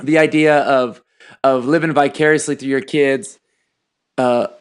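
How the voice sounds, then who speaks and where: A man's voice: mid-range voice, steady tone, a little slow, clean tone. Talkative man telling stories. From Texas. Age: 30s. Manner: storytelling, acts out dialogue, laughs while telling. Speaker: podcast host and high school football coach. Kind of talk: casual podcast conversation.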